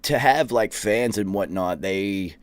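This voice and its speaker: A man's voice: on the low side, animated, slow pace. A young man hosting a podcast, telling profane, rambling anecdotes in a casual chat. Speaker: podcast host. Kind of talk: casual storytelling.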